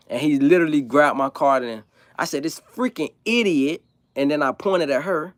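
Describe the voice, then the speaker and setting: A man who grew up in South Florida, hosting a livestream and talking in a blunt, profane, animated way. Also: fairly high pitch, a little fast, no room sound, clean studio sound. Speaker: livestream host. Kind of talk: casual opinionated monologue.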